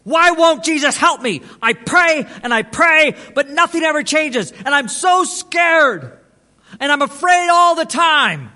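A man's voice: very high voice, animated, a little slow, sharp tone, pitched above the performer's own voice, full character voice. A man voicing a frightened drunk man who pleads for help in a strained, desperate voice. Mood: pleading.

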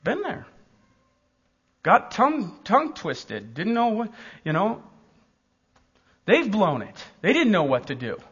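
Animated, high-voiced male preacher. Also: slow pace, long pauses, husky, long reverb tail, dull audio. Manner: animated, emphatic, joking. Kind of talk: sermon.

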